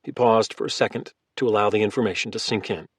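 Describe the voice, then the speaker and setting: A man narrating a thriller audiobook in a steady, clipped manner. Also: on the low side, fast talker, husky, no echo, clean studio sound.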